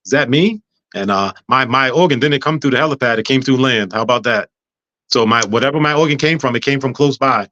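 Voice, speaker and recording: Male guest, storyteller, bright forceful voice, funny, dry and dull lo-fi recording. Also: medium pitch, fast talker, no room sound. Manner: humorous, animated storyteller, acts out dialogue. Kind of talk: casual storytelling interview. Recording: dull lo-fi sound.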